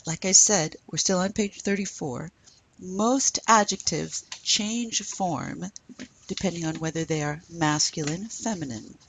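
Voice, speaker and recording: In a recorded lecture, a woman with a low, gravelly voice teaches French. She slowly models pronunciation so students can repeat after her.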